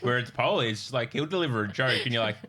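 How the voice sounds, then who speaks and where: A man's voice: mid-range voice, expressive, fast talker, pushed and bright, a little hiss or hum. A young man hosting a podcast, chatting casually, joking and swearing as he tells gym stories. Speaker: podcast host. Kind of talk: casual chat.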